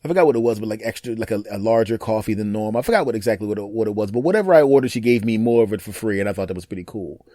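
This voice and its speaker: Man, podcast host, animated storyteller, dry close mic. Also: lowish voice, no echo. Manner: animated, acts out other people's lines in quick put-on voices. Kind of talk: casual storytelling monologue.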